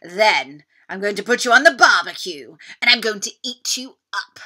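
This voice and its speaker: Woman doing a booming greedy T-Rex. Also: lively intonation, normal speed, pushed and bright. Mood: menacing. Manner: booming, growling, over-the-top menace. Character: loud greedy male tyrannosaurus rex. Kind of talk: storybook read-aloud.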